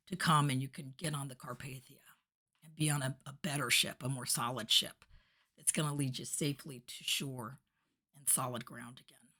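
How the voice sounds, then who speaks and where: A woman's voice: extremely low pitch, steady tone, moderate pace, bright, forceful tone. A woman hosting a podcast, giving a motivational monologue and acting out the voices in her story. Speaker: podcast host. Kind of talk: motivational monologue on addiction recovery.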